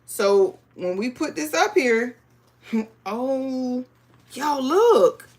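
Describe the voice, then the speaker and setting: A woman's voice: sits high, lively intonation, extremely slow. A woman hosting a live sewing stream, chatting casually with viewers and reading the chat aloud. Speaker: crafting livestream host.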